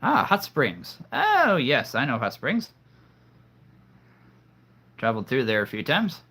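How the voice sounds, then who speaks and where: A male streamer chatting casually to his live audience. He rambles from thought to thought, full of fillers and restarts. His voice has a bright, forward ring. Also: mid-range voice, huge pitch swings, slow pace, slightly rough.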